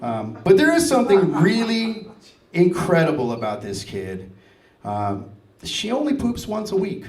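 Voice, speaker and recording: A man in his fifties performing standup comedy, his voice pitched high and swinging widely as he plays the people in his stories. The sound is echoey, as if picked up from a distance in a large venue. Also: a little slow. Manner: animated storytelling, acting out family dialogue. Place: stage before a live audience.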